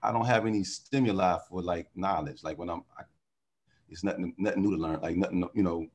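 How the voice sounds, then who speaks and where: A man's voice: low-pitched, fairly quick, darkish tone, slightly rough. A man talking as a podcast guest in casual conversation, riffing animatedly and philosophically on word origins.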